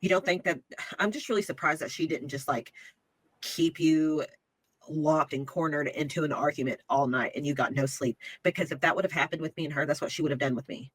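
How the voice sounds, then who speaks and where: A man's voice: a little high, a little fast, fairly bright tone, no echo, rough recording. A man in a casual conversation, reacting briefly and then speaking in earnest about a past relationship. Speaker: guest in a conversation.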